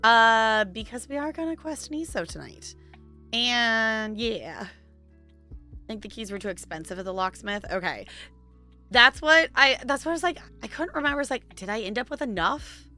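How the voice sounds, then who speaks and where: Bright-voiced woman streamer with a strained squeaky voice. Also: animated, moderate pace, soft background music. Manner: chatty, giggly, rambling. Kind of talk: casual chat with chat viewers.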